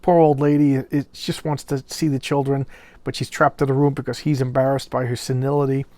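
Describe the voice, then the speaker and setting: A man reviewing a comic book in a casual video, speaking haltingly, often repeating words, and openly moved by the pages. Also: medium pitch, little pitch movement, warm tone, no echo.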